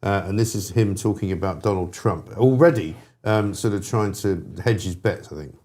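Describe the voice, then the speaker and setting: A man's voice: lowish voice, a little mellow. A man hosting a talk show, bantering in a joking, mocking way with his co-host. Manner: joking, mocking, quick back-and-forth. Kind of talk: casual studio banter.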